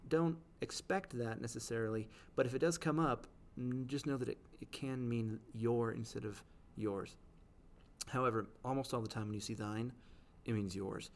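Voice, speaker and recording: A man teaching, explaining the language of poems in a patient way. He checks in often with "right?" and reads the quoted lines slowly. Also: mid-range voice, creaky.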